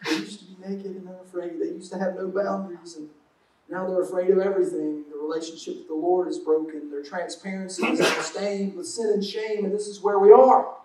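A high-voiced man preaches in a loose, joking way, slipping into quick acted-out asides. His voice rings around a roomy church space and sits a little back from the mic. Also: steady tone, a little mellow, distant mic. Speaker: pastor. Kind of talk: sermon.

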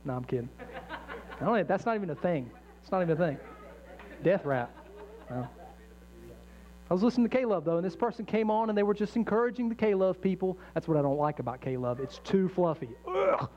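Earnest pastor, dull lo-fi sound. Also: male voice, on the high side, lively intonation, brisk, warm tone. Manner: earnest, conversational preaching with jokes and acted-out inner voices. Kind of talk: sermon. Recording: dull lo-fi sound with faint mains hum.

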